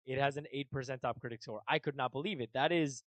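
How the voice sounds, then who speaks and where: A man's voice: medium pitch, fast, fairly bright tone, no room sound. A young man co-hosting a casual podcast who laughs a lot, teases his friend and steers the talk back to the news. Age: 20s. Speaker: podcast co-host. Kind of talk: casual chat.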